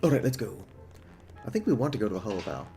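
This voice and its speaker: A man's voice: fairly low pitch, sing-song, quick pace, vocal fry, warm tone, faint music behind. A man casually commenting on a game he is streaming, with offhand asides.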